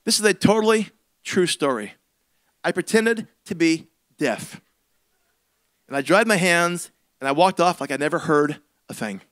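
A middle-aged man, a senior pastor, telling a comic story in a sermon with big swings between loud and hushed. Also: a little high, lively intonation, normal speed, pauses often, dry recording.

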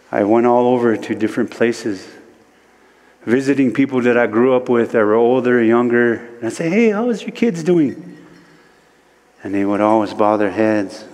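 A man from Standing Rock, a guest speaker at a church service, telling a spiritual story slowly, with many repeated "he said" lines. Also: medium pitch, a little mellow, in a large hall. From Standing Rock, United States. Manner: slow and repetitive, retelling speech with many "he said".

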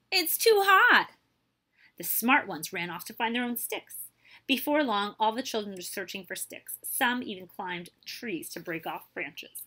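Bright-voiced librarian reading a picture book. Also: female voice, medium pitch, slightly rough. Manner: lively storytelling, asks children questions. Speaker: librarian reading aloud to children. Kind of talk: picture-book read-aloud.

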